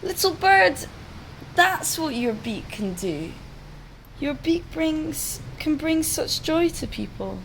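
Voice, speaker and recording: A woman voicing a wise, kindly male toucan who gently encourages a little bird. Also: sits high, very animated, slow, creaky, a little hiss or hum, voice pushed up, heavily acted, rough recording. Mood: encouraging.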